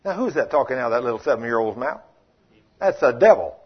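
A man preaching a sermon, telling folksy stories and acting out the people in them, swinging from loud rebukes to quiet asides. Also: mid-range voice, expressive, fast talker, breathy edge. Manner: folksy, acts out quoted voices, shifts between loud rebukes and quiet asides. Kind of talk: sermon with storytelling. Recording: muffled lo-fi sermon recording.

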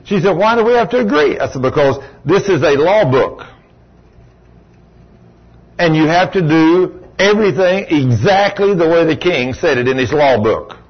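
Male preacher, husky voice, folksy storyteller, dull lo-fi recording. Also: expressive, a little slow. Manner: folksy storytelling, sudden high exclamations. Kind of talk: sermon.

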